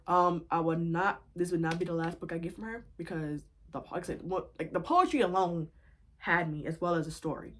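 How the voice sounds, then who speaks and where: A woman records a casual book review vlog at home. Her voice sits a little low, and she gushes, repeating phrases as she goes. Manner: gushing, repeats herself. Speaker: book vlogger.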